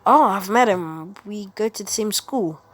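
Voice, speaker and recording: A woman's voice: mid-range voice, measured pace, faint music behind, natural voice. A woman voicing a polite, hesitant young male hero with a secret identity.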